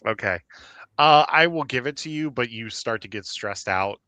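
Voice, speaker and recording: A man narrating as game master for a tabletop game, halting and filling pauses as he goes. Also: medium pitch, expressive, bright, forceful tone, dry recording. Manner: halting, full of fillers and restarts.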